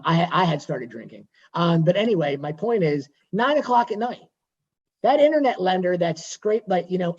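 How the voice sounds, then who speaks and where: A man with a husky, slightly high voice talks through home loans on a video call. He is chatty and digressive and repeats his points. The audio is dull and lo-fi. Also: a little mellow. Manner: conversational, digressive, repeats himself. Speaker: mortgage lender. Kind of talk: workshop talk on a video call.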